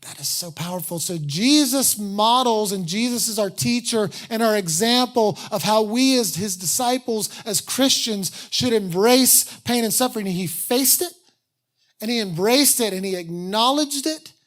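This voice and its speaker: A pastor preaching a sermon in a candid, conversational way, with self-deprecating asides and slowed, earnest emphasis on key phrases. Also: mid-range voice, fairly bright tone.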